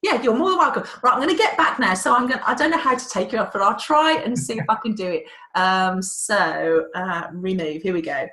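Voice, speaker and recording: A woman's voice: mid-range voice, expressive, fairly quick, few pauses, pushed and bright, reverberant. A woman hosting a live webinar, chatty and a little flustered by the technology. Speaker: webinar host.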